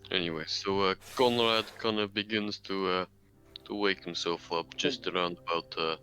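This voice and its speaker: A man's voice: low voice, steady tone, normal speed, bright, forceful tone. A man playing a tabletop game over a call, describing his moves hesitantly. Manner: hesitant, many uh fillers. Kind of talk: casual online game chat.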